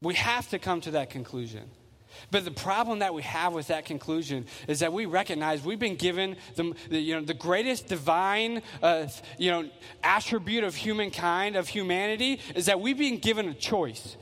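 High-voiced male preacher in a hall. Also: moderate pace, fairly bright tone. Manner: earnest, repetitive, emphatic with restarts. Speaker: pastor. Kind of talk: sermon. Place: church sanctuary.

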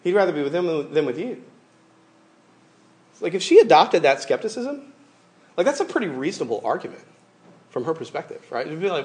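Casting: male pastor, 30s, slightly high voice, casual animated sermon delivery. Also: brisk, long pauses. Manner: conversational, animated, acts out quoted voices.

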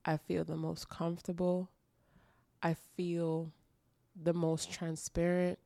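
A woman's voice: on the low side, completely flat delivery, slow pace, gravelly, dark tone, dry recording. A woman hosting her own podcast, speaking emotionally and earnestly and repeating phrases for emphasis in an intimate confessional monologue. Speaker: podcast host. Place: dark room at home.

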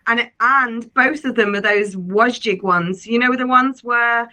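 Woman, chatty cohost, bright sharp voice, keeps cracking jokes. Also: fairly high pitch, measured pace. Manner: chatty, jokey, giggles. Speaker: podcast co-host. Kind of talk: casual podcast chat.

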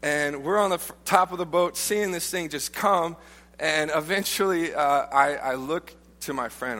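A man's voice: fairly high pitch, moderate pace, pushed and bright. A man preaching a casual, joking sermon built on personal stories, often restarting his sentences. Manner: humorous, informal, frequent restarts. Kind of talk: conversational sermon with storytelling. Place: church auditorium. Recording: long reverb of a large church hall.

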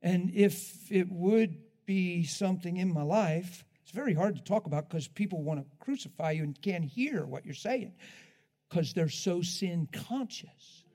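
Animated high-voiced male preacher. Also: a little slow. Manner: animated, laughing, swings from loud to hushed. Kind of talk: sermon.

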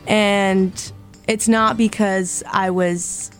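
A woman's voice: medium pitch, fairly even intonation, drawn-out words, soft background music. A young woman, a singer-songwriter guest in a radio studio, talking casually with lots of fillers. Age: young adult. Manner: casual, filler-heavy, bubbly. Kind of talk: casual interview chat.

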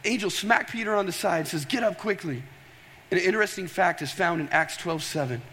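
A high-voiced man preaching with animated storytelling, often pausing to throw questions to the congregation. His voice carries a long reverberant tail from a large church hall. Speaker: pastor. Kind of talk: sermon.

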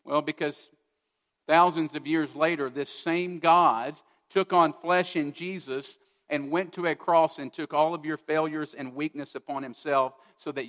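A man's voice: on the high side, a bit bright, long reverb tail. A man preaching a sermon as a pastor, earnest and often putting direct questions to his listeners.

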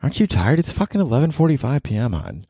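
A man doing a high, scolding girlfriend voice, exasperated at being kept awake. The sound is dry and close, with no room around it. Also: huge pitch swings, quick pace, mellow, breathy edge, dry recording, full character voice. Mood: nagging. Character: nagging sleepy girlfriend, woman in bed.

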